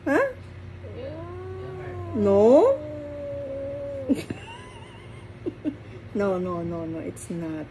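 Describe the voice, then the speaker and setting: A woman's voice: fairly low pitch, wildly swooping pitch, drawn-out words, long pauses, noisy background. A woman with a Filipino accent soothing and coaxing her cat in baby talk while she trims its nails, switching between two languages. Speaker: pet owner cutting her cat's nails. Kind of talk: casual talk to a pet.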